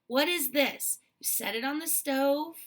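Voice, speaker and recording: A woman's voice: high voice, unhurried, fairly bright tone. A woman teacher giving an online lesson to young children, cheerful and coaxing with many questions, speaking into a laptop mic.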